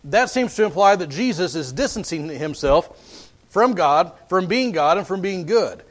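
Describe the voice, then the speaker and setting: A man's voice: high-pitched, lively intonation, unhurried. A man preaching a sermon in an earnest way, often repeating words as he builds his points.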